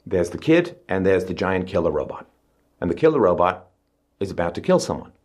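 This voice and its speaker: A middle-aged man giving an emphatic public speech, pushing his pitch up on stressed words. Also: big pitch swings, brisk, a little mellow. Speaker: speaker.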